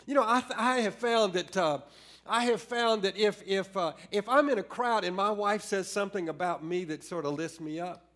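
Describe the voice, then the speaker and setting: A high-pitched middle-aged man delivers a sermon. He is earnest and stumbles through frequent restarts, slowing to stress key words, then hurrying through his stories. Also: fairly bright tone. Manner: earnest, with many restarts and shifts between slow emphasis and quick storytelling. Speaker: pastor.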